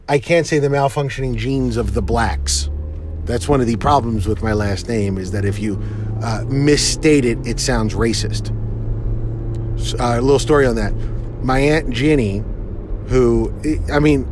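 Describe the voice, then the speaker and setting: A middle-aged man hosting a casual solo podcast while driving, rambling through jokey, self-deprecating asides. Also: mid-range voice. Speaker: podcast host. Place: inside a car. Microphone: phone or recorder in the car. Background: car and road noise.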